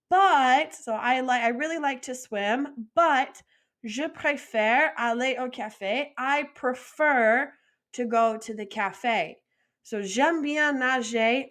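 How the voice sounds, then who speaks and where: A woman teaching a recorded French lesson, modeling phrases slowly and clearly for students to repeat, with friendly encouragement. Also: sits high, fairly bright tone.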